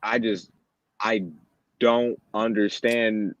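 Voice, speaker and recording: A man chatting casually as a co-host, excitable, laughing a lot and swearing freely. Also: on the low side, slow, lo-fi sound. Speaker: podcast co-host. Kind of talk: casual chat.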